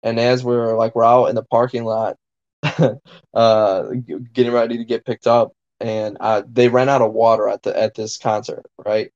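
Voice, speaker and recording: Profane, excitable man telling a wild story. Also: mid-range voice, moderate pace, dull audio. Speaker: podcast co-host. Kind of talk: casual storytelling chat.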